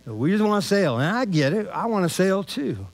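A male pastor delivers a casual, conversational sermon in a high voice at normal speed. He's animated and keeps tagging his lines with "man" and "all right?".

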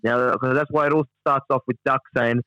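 A man's voice: mid-range voice, steady tone, fairly quick, sharp tone, clear, resonant tone, dry recording, highs cut off. An Australian man co-hosting a podcast, chatting casually with lots of fillers and swearing. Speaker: podcast co-host. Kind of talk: casual chat, retelling a transcript.

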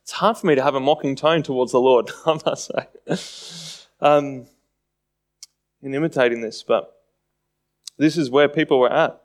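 A man's voice: mid-range voice, unhurried, long pauses. A man preaching a sermon in a conversational way, often acting out mocking voices.

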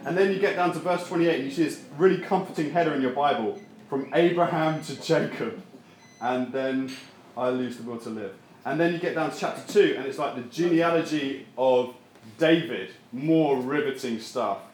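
A man's voice: fairly high pitch, normal speed, very echoey, slight background noise. A man preaching a casual, joking sermon and bantering with his congregation. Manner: playful, animated, banters with the congregation.

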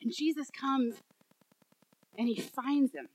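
A woman pastor preaching a sermon, telling a story in an animated way and acting out the voices in it. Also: high-pitched, takes it slowly, dry recording, poor audio.

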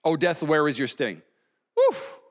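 A man in his thirties preaching a sermon as pastor, animated, with sudden loud exclamations. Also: medium pitch, fairly quick.

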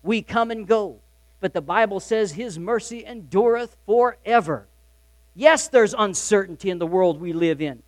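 A man preaching a sermon as pastor, emphatic, swinging between loud urgent lines and quiet confiding ones. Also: sits high, normal speed, no room sound.

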